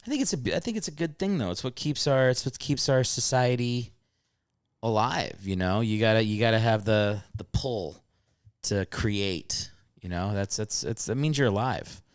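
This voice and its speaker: A man hosting a podcast in casual comedic chat, rambling and animated, jumping into high voices to act out stories. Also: moderate pace, no room sound. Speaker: podcast host.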